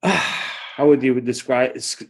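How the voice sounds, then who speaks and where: Gravelly-voiced male interviewer. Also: medium pitch, slow pace. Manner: hesitant, searching for words. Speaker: podcast host. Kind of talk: interviewer asking questions.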